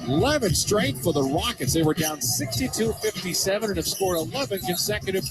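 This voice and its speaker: A man calling live basketball play-by-play, getting excited on big plays. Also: sits high, fairly quick, over loud music. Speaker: play-by-play commentator.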